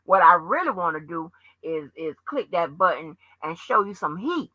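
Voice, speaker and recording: A woman's voice: mid-range voice, very animated, normal speed, hardly any pauses, no room sound. A woman hosting her own channel, delivering a heated, profanity-heavy rant that scolds her viewers. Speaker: channel host. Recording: dull lo-fi dry sound.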